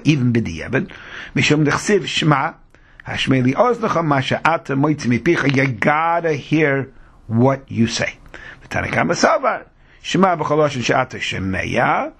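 A man's voice: medium pitch, husky. A man teaches a Talmud lesson, weaving Hebrew terms into his explanations. He asks rhetorical questions and answers them himself.

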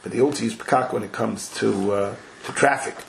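A man teaching a Talmud class to a small group, animated and acting out the quoted dialogue, with Hebrew and Yiddish terms mixed into his English. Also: lowish voice, brisk, creaky, a little hiss or hum.

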